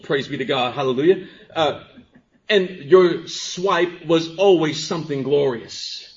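A man preaching a sermon as pastor, dropping to quiet, drawn-out phrases and then rising to emphatic exclamations. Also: fairly high pitch. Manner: swings from hushed to emphatic, with stretched pauses. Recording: dull lo-fi sermon recording.

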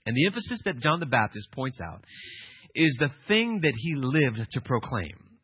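A male pastor preaching an emphatic sermon, swinging from quiet passages to loud, insistent ones. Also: mid-range voice, sing-song, moderate pace, husky, no room sound, lo-fi sound.

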